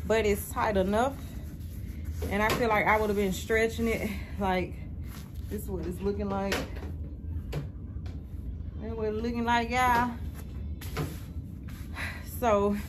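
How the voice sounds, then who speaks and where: A woman's voice: a little high, background noise. A woman chatting casually to her viewers in a home vlog, reviewing a product and calling her audience "y'all". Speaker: vlogger. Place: at home indoors.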